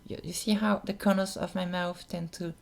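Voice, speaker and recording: A young adult giving a casual voice-training tutorial in a feminine voice, soft-spoken and hesitant, full of restarts and fillers. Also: medium pitch, steady tone, normal speed, creaky.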